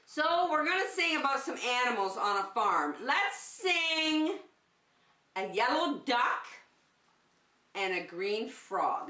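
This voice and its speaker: Animated preschool teacher woman, echoey room. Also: mid-range voice, recorded from a distance. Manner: sing-song, animated, addressing children as friends. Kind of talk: children's circle time lesson.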